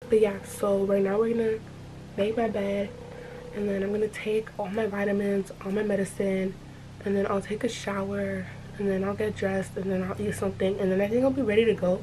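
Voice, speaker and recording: A young woman vlogs to her phone camera from her bedroom at home, her mid-range voice level in tone and brisk, with background noise behind her. She rambles and chats casually, saying "like" constantly, and sounds a little stuffy from allergies and a runny nose.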